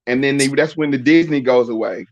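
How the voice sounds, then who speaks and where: Speaking a little fast in a mid-range voice, this middle-aged podcast guest makes his points with emphasis and keeps throwing out rhetorical questions. The conversation is casual, and the recording sounds dull and lo-fi.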